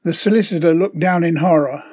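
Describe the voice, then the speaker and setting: A man's voice: on the high side, a little fast, darkish tone. An older man hosting his podcast, delivering a scripted, sardonic comic monologue. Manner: sardonic, opinionated storytelling. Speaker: podcast host.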